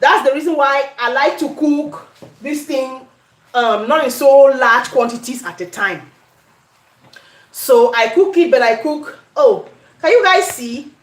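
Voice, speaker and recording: A woman's voice: high-pitched, expressive, measured pace, echoey room. A woman with a Cameroonian accent hosting a home cooking video, chatting to viewers and slipping into Pidgin as she demonstrates. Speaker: cooking channel host. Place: home kitchen.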